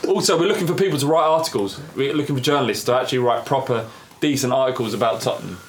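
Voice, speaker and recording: A man's voice: mid-range voice, rapid-fire, slight background noise. A man hosting a casual football podcast, joking crudely and laughing often. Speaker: podcast host. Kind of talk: casual banter.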